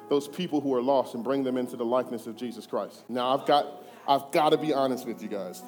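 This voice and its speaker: A man's voice: mid-range voice, brisk, a little mellow. A young man preaching a sermon in a church, candid and conversational, building to fervent passages. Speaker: guest preacher. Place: church sanctuary. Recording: hall reverb, faint music.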